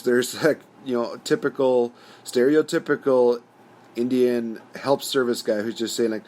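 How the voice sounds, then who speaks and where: A man's voice: fairly low pitch, darkish tone, slight background noise. A man hosting his own channel, giving a casual, rambling opinion rant full of "you know" fillers. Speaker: host.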